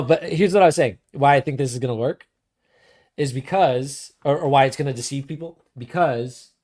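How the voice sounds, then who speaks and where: Male podcast host, casual and profane, acts out quotes in bursts. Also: mid-range voice. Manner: animated, swearing, acts out quoted voices.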